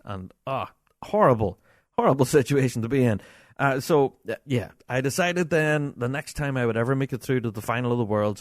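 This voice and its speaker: A man's voice: medium pitch, dry recording. Chatty middle-aged man, dry close sound. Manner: chatty, animated, laughs often, many fillers. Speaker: podcast host. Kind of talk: casual chat, reading listener emails.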